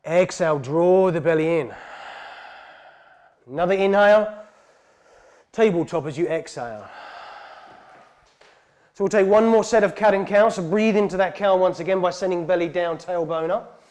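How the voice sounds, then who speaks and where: A male yoga teacher leads a class in a heated studio, calling out each breath and pose in a steady, calm way. His voice sits a little higher than most men's. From England. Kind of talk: guided yoga class instruction.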